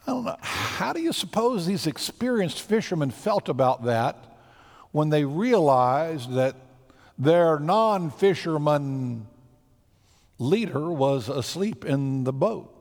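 A male pastor preaches in a loose, conversational storytelling manner, acting out the lines of the people in his story. His voice sits high for a man and swings widely in pitch. A long hall reverb trails after his words. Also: slow pace. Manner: conversational, animated storytelling with acted-out quotes. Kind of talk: sermon.

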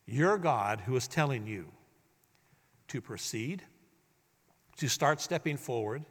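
Slow and slightly rough, a man's medium-pitched voice rises and falls with lively intonation as he preaches. He's the pastor, leading the congregation to repeat his lines in call-and-response, recorded in an echoey hall.

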